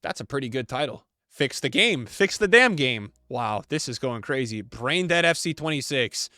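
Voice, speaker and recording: A young man giving casual, animated reaction commentary, reading chat messages aloud and laughing often as he reacts. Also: medium pitch, moderate pace, no echo, studio quality. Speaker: gaming content creator.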